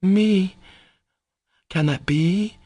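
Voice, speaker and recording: A man's voice: on the high side, expressive, normal speed, gravelly, darkish tone, breathy edge, dry recording, clean studio sound, voice pushed up, exaggerated voice. A man voicing a proud, anguished young woman in an audiobook, who falters and stammers. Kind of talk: audiobook character voice.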